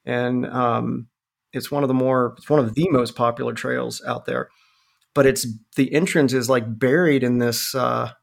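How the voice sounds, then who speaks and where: Gravelly, profane man telling stories. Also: medium pitch. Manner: profane, rambling storyteller acting out quotes. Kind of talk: casual chat.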